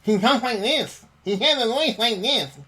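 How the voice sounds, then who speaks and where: A man doing a shrill, angry radio loudmouth. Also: expressive, unhurried, husky, exaggerated voice, poor audio. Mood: mocking. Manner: high-pitched, shouty, mocking impression. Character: loud angry man, big radio host.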